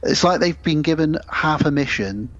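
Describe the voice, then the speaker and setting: A man's voice: a little high, lively intonation, moderate pace, fairly bright tone, lo-fi sound. A man co-hosting a podcast, casually retelling a film's plot at length and acting out the characters' lines as he goes. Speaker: podcast co-host. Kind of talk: casual film review chat.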